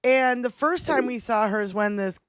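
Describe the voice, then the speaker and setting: Brief: woman livestream host, brash and profane storyteller, high pitch. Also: normal speed, smooth, no echo, clean studio sound. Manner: loud, profane, animated retelling. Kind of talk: casual storytelling chat.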